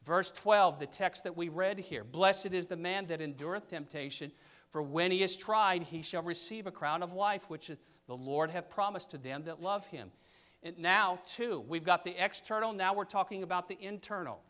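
An older man preaching a sermon, reading scripture and pressing his points with sudden loud stresses. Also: high voice, moderate pace. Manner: emphatic, pulpit cadence with sudden loud stresses.

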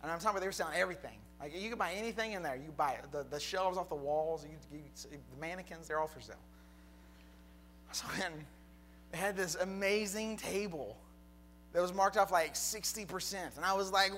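A young man preaching a sermon, telling a personal story that builds to a fervent, shouted close. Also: high voice, a little fast, soft background music. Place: church hall with congregation.

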